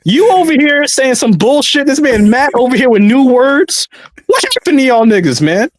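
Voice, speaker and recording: A man co-hosting a podcast in casual banter, teasing the others in animated rants and repeating his lines. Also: extremely high pitch, moderate pace, no echo. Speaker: podcast co-host.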